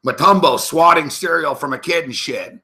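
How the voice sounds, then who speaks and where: A man running a sports betting show places live bets while talking to himself, cursing and rambling agitatedly. He speaks at normal speed with an animated, sharp, somewhat high voice.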